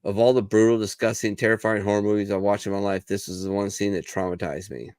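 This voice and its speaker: A man's voice: on the low side, fairly even intonation, fast talker, darkish tone, smooth, no room sound, studio quality. A man co-hosting a casual bar-style chat among veterans, telling stories bluntly and with plenty of swearing, acting out what other people said. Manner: profane, blunt storyteller who acts out others' lines. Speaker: veteran podcast co-host.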